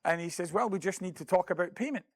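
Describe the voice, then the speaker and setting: A man's voice: high-pitched, quick pace, darkish tone, no echo. A middle-aged man giving a mission report to a congregation, telling a story and acting out phone calls with earnest, self-deprecating asides. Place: church building.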